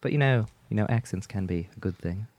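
A man's voice: lowish voice, brisk, a little mellow, no echo. Wry young man, dry close sound. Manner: wry, teasing. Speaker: podcast co-host. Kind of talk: casual chat.

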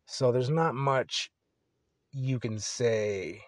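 A man's voice: mid-range voice, extremely slow. A young man talking on his own podcast in a loose, rambling way, full of swearing and restarts. His voice sits in a middle register. The sound is dry and close, with no room echo. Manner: rambling, profane, candid. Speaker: podcast host. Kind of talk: casual solo podcast monologue.

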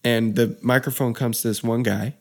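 A man's voice: mid-range voice, fairly even intonation, moderate pace, darkish tone. A young man, a wedding DJ, telling a story in casual chat, laid-back and saying dude a lot.

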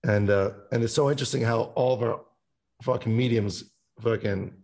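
Casting: gravelly-voiced male musician, rambly and profane, podcast guest. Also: mid-range voice, moderate pace, a little mellow. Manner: rambling, swears a lot, sings snippets. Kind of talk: casual podcast chat.

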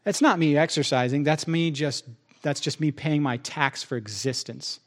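Male pastor, sermon delivery, slightly higher voice, chatty and animated. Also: moderate pace. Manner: conversational, acts out both sides of a dialogue.

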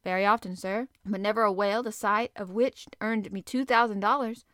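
A bold, plain-spoken harpooner, read by a woman narrator in a storybook reading. He sounds sure of himself, at an ordinary middle pitch. The recording is close and dry. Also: steady tone, a little fast, a bit bright, dry recording, natural voice. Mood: confident. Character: bold, blunt male harpooner. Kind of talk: audiobook character reading.

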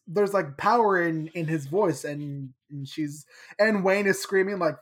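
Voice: medium pitch, measured pace. A podcast host casually recapping a book chapter in a chatty, playful way.

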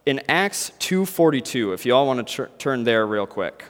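A man preaching a sermon in a relaxed, storytelling way, breaking into impressions to make his point. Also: medium pitch, normal speed, in a large hall. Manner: casual, storytelling, animated impressions.

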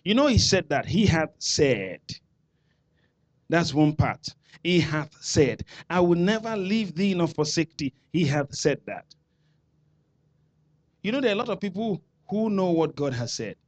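A man with a Nigerian accent preaching a sermon, calling out to the congregation and building to shouted declarations. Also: on the high side, sing-song, unhurried. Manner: preaching with call-and-response, rising to shouts. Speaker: pastor.

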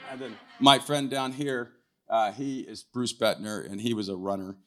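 An older man speaking as a guest at a church, telling a testimony story in a loose conversational way, often tagging his lines with "right?" and clearing his throat. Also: mid-range voice, unhurried, pushed and bright. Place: church hall, live event.

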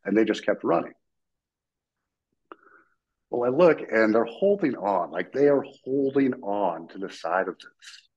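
A man's voice: lowish voice, measured pace, long pauses, slightly rough, dull audio. A man, a military veteran, telling a story casually as a guest and acting out the voices of the people in it. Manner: animated, acts out quoted voices, laughs while telling.

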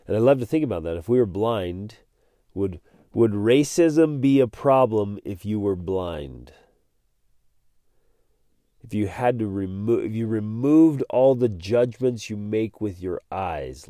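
A man talks straight into a close podcast mic in an earnest, animated way, often repeating himself as he gets fired up. His voice is mellow and relaxed in tone, and the recording sounds dry. He sounds like a host speaking directly to his listeners. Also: lowish voice, no room sound. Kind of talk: motivational podcast monologue.

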